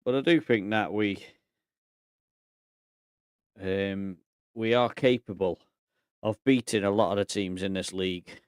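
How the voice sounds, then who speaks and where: Low-voiced man thinking aloud. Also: measured pace, pauses often, clear, resonant tone, dry recording, studio quality. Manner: thinking aloud, relaxed and chatty. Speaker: gaming YouTuber. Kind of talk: casual game commentary.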